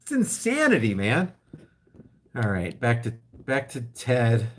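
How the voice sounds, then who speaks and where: A man's voice: medium pitch, huge pitch swings, slow pace, a little hiss or hum. A middle-aged man vlogging, ranting with passion in political commentary and reading out viewer comments on a live stream. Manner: impassioned ranting, acts out scared voices. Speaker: political vlogger reacting to a clip.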